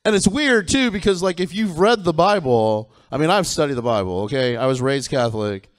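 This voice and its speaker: A man's voice: a little high, animated, a little fast, dry recording. Campy self-deprecating male stand-up comic. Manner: campy, self-deprecating, punchy delivery with frequent giggles. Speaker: stand-up comedian. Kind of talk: stand-up comedy set. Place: comedy theatre stage.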